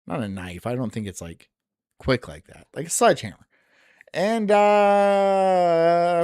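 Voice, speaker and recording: A streamer rants through a casual live-stream reaction, swearing freely and breaking into laughs. The pitch swings widely from remark to remark, and the sound is close and dry with no room around it. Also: expressive, slow pace, long pauses, darkish tone, clear, resonant tone, no room sound. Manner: profane, ranting and venting with frequent swearing; laughs often between remarks.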